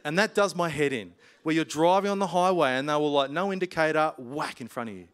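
A man, preaching a casual sermon full of stories, chatty and quick to laugh. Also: on the high side, a bit bright, clean tone. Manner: chatty, laughs often, colloquial.

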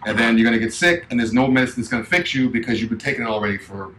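A man's voice: mid-range voice, fairly even intonation, rapid-fire, background noise. A man co-hosting a casual talk show, speaking in an emphatic, rambling way. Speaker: co-host. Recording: roomy echo.

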